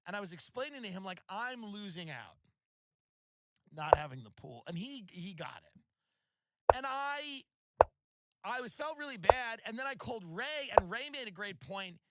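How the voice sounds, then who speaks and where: A man's voice: high-pitched, sing-song, normal speed, a little hiss or hum. A man hosting a podcast, telling comedic stories in a sardonic, mock-outraged monologue. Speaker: podcast host.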